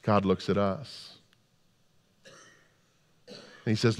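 Dramatic preacher in an echoing hall. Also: male voice, mid-range voice, fairly even intonation, normal speed. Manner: dramatic storytelling, swings from loud to hushed. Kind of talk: sermon. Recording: long hall reverb.

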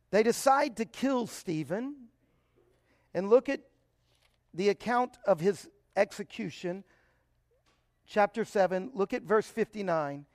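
A man's voice: sits high, no room sound, studio quality. A man giving an emphatic Bible teaching, often posing rhetorical questions to his listeners.

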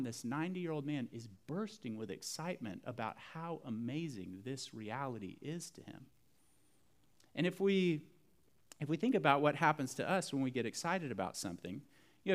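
A man preaching a sermon, earnest and emphatic, repeating key phrases for weight. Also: fairly high pitch. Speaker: pastor.

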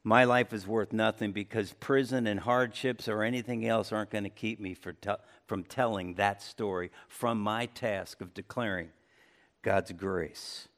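Conversational male pastor preaching. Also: unhurried. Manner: conversational preaching, lively swings in pitch and loudness. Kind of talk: sermon. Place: church sanctuary.

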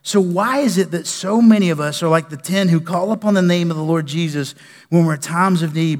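Man, pastor, lively sermon delivery, high voice, echoing church hall. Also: a little fast. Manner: animated, preaching with loud bursts and quiet drops. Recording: long reverb of a large hall.

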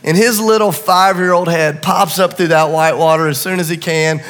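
A middle-aged man preaching a sermon, swinging between hushed asides and rising urgency. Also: a little high, fairly even intonation, normal speed, faint music behind. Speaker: pastor. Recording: long reverb of a large hall.

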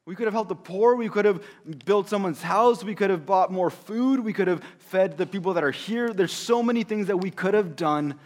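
A male preacher voicing an indignant male disciple who complains loudly that costly perfume was wasted. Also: high voice, a little slow, pitched above the performer's own voice. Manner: loud, exasperated, insistent.

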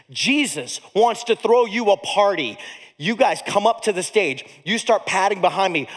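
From the pulpit, a male pastor tells a story in a storytelling sermon, his high, very lively voice leaping up and dropping low. He's comic and animated, swinging widely in volume, and his words ring through a large hall with a long echo.

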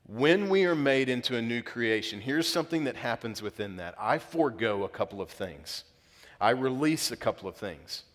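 A man's voice: mid-range voice, animated, a bit bright. Male pastor, late 30s, earnest sermon delivery with surges of emphasis, church hall reverb. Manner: earnest, builds up with emphasis, halting restarts. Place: church auditorium.

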